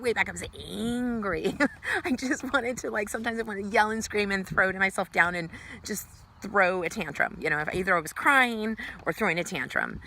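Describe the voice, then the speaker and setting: A middle-aged woman giving earnest life advice in a casual motivational talk, with many fillers, brightly acting out the greetings she quotes. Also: medium pitch, a little hiss or hum. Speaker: ministry speaker giving life tips.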